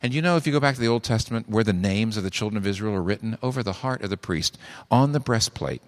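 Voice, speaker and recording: Male pastor, lowish voice, conversational sermon full of rhetorical questions, reverberant sanctuary sound. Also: animated, fast. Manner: conversational preaching with frequent restarts and rhetorical questions.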